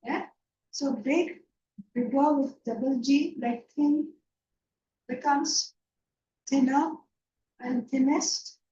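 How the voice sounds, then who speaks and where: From a room, a woman teaches an online English grammar lecture in a high, mellow voice, speaking slowly and pausing often. She patiently checks understanding with frequent "yeah?" and "right?", and the audio is roomy, distant and dull.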